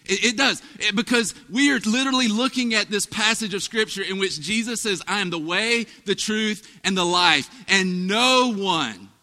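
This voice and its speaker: A male pastor preaches with a high, very bright voice that carries. He tells folksy stories and throws asides to his congregation. His sermon rings out across the long reverb of a large church hall. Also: normal speed, few pauses. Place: church sanctuary.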